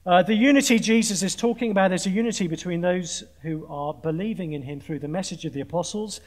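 A man preaching to a student audience, earnest, with pointed emphasis, quick restarts and dry humour. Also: high voice. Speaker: conference speaker preaching. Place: large conference hall with an audience.

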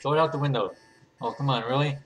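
A man's voice: medium pitch, fast, fairly bright tone. A man giving casual, playful commentary while playing a game, thinking aloud and laughing often. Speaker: gaming channel host.

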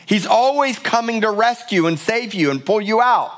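A man's voice: high voice, lively intonation, moderate pace, a bit bright. A middle-aged male pastor preaching a sermon in a church, emphatic and passionate, often repeating words for force. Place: church sanctuary.

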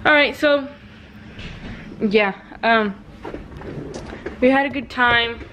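High-voiced, unhurried mom vlogging. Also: female voice, dull audio. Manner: chatty, coaxing her child to talk to the camera. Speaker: mother and family vlogger. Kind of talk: casual home vlog chat. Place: at home, indoors. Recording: noisy home video recording.

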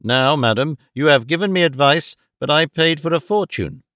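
A man voicing a composed, sceptical gentleman in an audiobook, measured and sardonic. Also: fairly high pitch, expressive, no room sound, clean studio sound. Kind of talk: audiobook reading.

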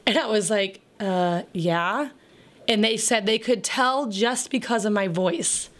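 A woman with a naturally raspy, gravelly voice, chatting casually to camera as a video host in a rambling way full of fillers. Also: a little high, moderate pace, a bit bright. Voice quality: raspy, gravelly voice that viewers mistake for a damaged throat. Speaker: YouTube host.

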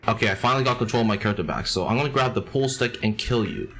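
A man's voice: lowish voice, rapid-fire, a bit bright, slight background noise, poor audio. A young man giving casual, profane gameplay commentary and laughing at the game. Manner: swears freely, laughs at the game. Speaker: gaming YouTuber.

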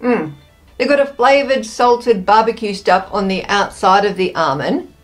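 A young woman chatting casually in a taste-test vlog, bubbly and gushing, breaking into excited squeals. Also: medium pitch, a little slow, soft background music. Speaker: food taste-test vlogger.

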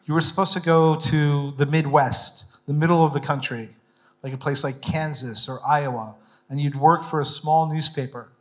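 A middle-aged man, a photojournalist giving a public talk, telling stories in a self-mocking, animated way and acting out the voices he quotes. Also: on the high side, normal speed. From United States.

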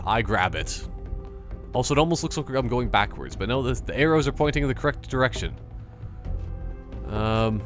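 A man's voice: mid-range voice, a bit bright. A man giving casual, joking commentary over a video game, rambling and exclaiming often. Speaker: gaming channel host.

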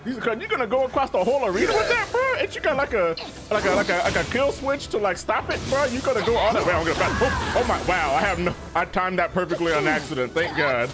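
A man giving excitable, slangy commentary while playing a video game, yelling and calling everyone bro. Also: high-pitched, fast. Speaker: gaming streamer. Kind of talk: gameplay commentary. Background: game music.

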